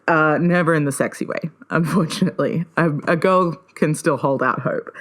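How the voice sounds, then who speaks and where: The host of her own podcast, a woman speaks solo with playful enthusiasm, and her pitch keeps springing upward whenever she gets excited.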